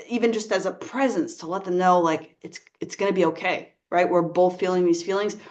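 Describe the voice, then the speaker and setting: A woman working as a life coach, giving earnest, gentle advice straight to the viewer and often checking in with "right?". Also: medium pitch, dull audio. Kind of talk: advice talk to camera.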